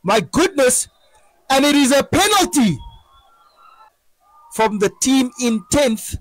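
High-voiced guy doing match commentary, talks slow then yells when it goes in. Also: poor audio. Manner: excitable, bursts into shouting at chances and goals. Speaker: football commentator. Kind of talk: excited live match commentary.

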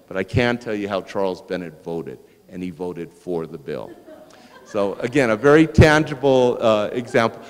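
A man giving a public lecture at a museum, telling a story in a lively anecdotal way and turning to the audience with asides. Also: lowish voice. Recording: long reverb in a large hall.

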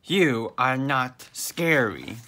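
A man voicing an angry male ghost pirate from a storybook, reading his lines loudly and slowly. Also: sing-song, full character voice. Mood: menacing. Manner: loud, slow booming delivery.

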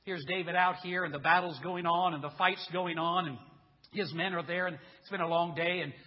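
A man preaching a sermon as pastor in a church, telling stories in an animated way and acting out voices. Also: high-pitched, a little fast, in a large hall, dull audio. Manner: animated storytelling, acts out voices.

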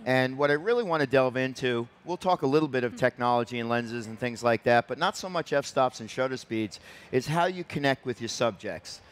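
A man's voice: medium pitch, fairly quick. Easygoing man moderating a stage panel. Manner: friendly, rambling introductions. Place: event stage before a crowd.

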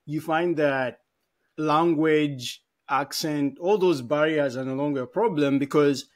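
A man with a voice pitched a little above the usual male range, co-hosting a podcast. He speaks in a relaxed conversational way, thinking aloud and working through ideas with everyday examples. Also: unhurried. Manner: thoughtful, explains with everyday examples. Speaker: podcast co-host. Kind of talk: casual conversation.

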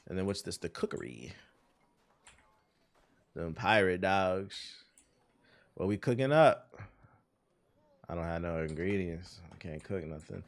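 A man's voice: low voice, moderate pace, vocal fry, pauses often. A man giving casual, profane, joking commentary while playing a video game on stream. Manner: loose, profane, laid-back joking.

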